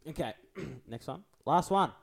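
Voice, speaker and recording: A man's voice: fairly high pitch, expressive, a little slow, gravelly, breathy edge. A man hosting a podcast and running a trivia quiz in casual chat, teasing and swearing, often laughing.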